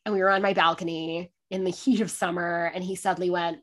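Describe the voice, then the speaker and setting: A woman guest who performs in drag, chatting casually in an interview with lively, swearing storytelling. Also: on the low side, fast. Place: sitting by a window, on a video call.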